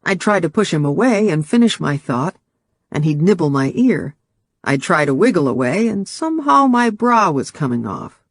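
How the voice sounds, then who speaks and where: A man reading a first-person novel aloud as audiobook narration, in a measured, steady storytelling manner on a close studio mic. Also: on the high side, dry recording.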